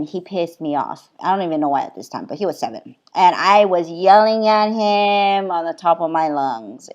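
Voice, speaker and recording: A middle-aged woman from Hawaii speaks as a podcast guest, telling stories about her own life in a relaxed, earnest way. Her voice sits somewhat low, and she breaks into laughter often between loose, run-on phrases. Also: dull audio. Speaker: spiritual healer guest. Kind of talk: casual conversational storytelling.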